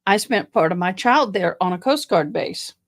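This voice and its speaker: A woman's voice: on the low side, animated, moderate pace, gravelly. A middle-aged woman from Tennessee with a Southern accent, chatting casually with viewers on a livestream and reading out their comments. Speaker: livestream host.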